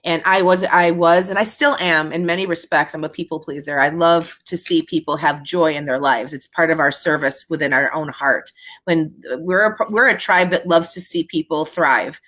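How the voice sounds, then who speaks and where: Lower-voiced woman host, reflective. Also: a bit bright. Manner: reflective, halting with restarts, laughs easily. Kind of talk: casual panel chat.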